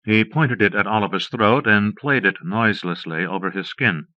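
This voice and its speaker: A man narrating an audiobook with a steady, measured delivery. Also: on the low side, no echo. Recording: dull dry cassette audiobook.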